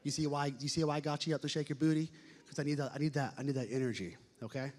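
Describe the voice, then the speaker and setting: A man emceeing a banquet, joking with the audience and shouting playful announcer calls. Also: on the high side, fairly even intonation, very fast. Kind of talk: hyping up a live audience. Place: large banquet hall. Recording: echoey hall.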